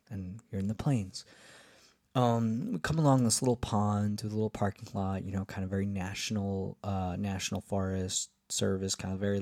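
Low husky guy rambling through a story, lots of um and you know, dry close sound. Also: a little mellow, no echo. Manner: rambling, many fillers and restarts, upbeat. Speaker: podcast host. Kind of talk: casual storytelling monologue.

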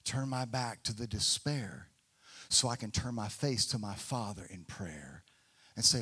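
A man preaching a sermon as a pastor, talking casually to the congregation, rising to emphatic peaks and dropping to quiet, hushed prayer. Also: lowish voice, unhurried, slightly rough. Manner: acts out quoted voices and prayers.

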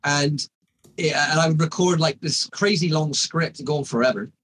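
A man's voice: on the high side, normal speed, a bit bright, slightly rough, low-quality recording. A man in his forties, a hypnotist, telling his story in a casual interview with many restarts and fillers. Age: 40s. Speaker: hypnotist guest.

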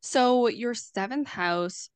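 A woman astrologer talks through ideas in an easy, chatty way, full of fillers and quick restarts. Her voice is smooth and clear, and the sound is dry and close. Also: fairly high pitch, no echo. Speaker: astrologer guest. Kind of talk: casual explanatory conversation.

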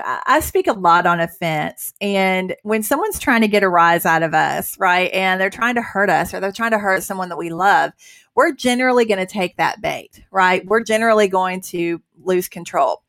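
A woman's voice: on the low side, fairly bright tone, no room sound. A woman hosting a casual Christian talk, earnest and conversational with many fillers. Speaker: host.

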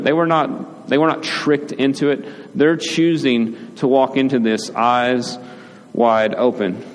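A man, a father, preaching a conversational sermon as pastor, often checking in with "right?" and acting out short quoted lines. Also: medium pitch. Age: adult, father. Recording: reverberant hall with faint ambient noise.

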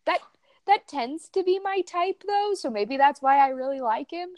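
A young woman co-hosting a casual podcast, chatty and expressive. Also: high voice, normal speed, dry recording. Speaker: podcast co-host. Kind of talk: casual chat.

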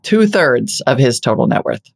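A middle-aged woman co-hosting a podcast, briskly and wryly running through business news figures. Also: extremely low pitch, big pitch swings, creaky, breathy edge. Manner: brisk, wry listing of figures. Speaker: podcast co-host. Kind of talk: casual chat with news rundown.

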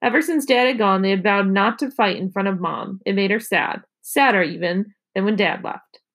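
Woman, teacher, children's book read-aloud, expressive storytelling. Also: mid-range voice, moderate pace. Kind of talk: reading a children's novel aloud.

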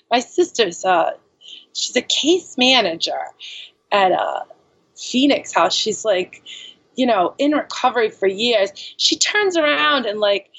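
A woman's voice: fairly high pitch, a bit bright, poor audio. A woman speaking as a podcast guest, telling her own story candidly and frankly, filling her speech with "like" and "you know.".

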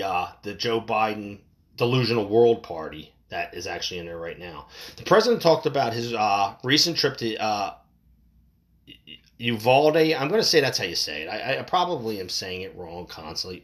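A man's voice: fairly low pitch, fairly bright tone. A man reading news stories aloud and breaking off into angry, profane political rants, often stumbling over his words. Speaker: political commentator.

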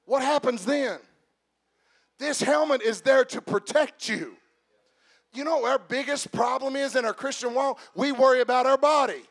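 High-voiced man preaching with fervor. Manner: shouts and slows for emphasis, then drops to quiet asides; addresses the congregation directly with humor. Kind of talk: sermon.

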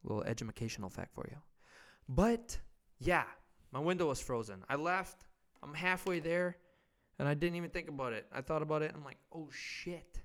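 Gravelly, rambling Midwestern young man. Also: fairly high pitch, animated, fairly quick, fairly bright tone. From Wisconsin. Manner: rambling, swears constantly, self-mocking. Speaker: podcast host. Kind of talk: comedic solo podcast rant.

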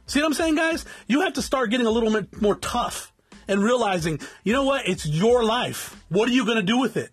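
A man's voice: very high voice, animated, fairly quick, breathy edge, faint music behind. A man in his forties from South Tucson, Arizona, bluntly lecturing viewers in a profanity-laced motivational rant and calling them guys. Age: 40s. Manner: blunt, swearing constantly, lecturing. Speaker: vlogger.

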